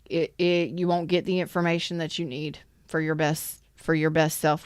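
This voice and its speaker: Tarot lady on a livestream, kinda low smooth voice, chatty, shouting out people in chat. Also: moderate pace, no room sound, studio quality. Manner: chatty, emphatic, greets viewers in chat. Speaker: tarot reader. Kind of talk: live tarot reading.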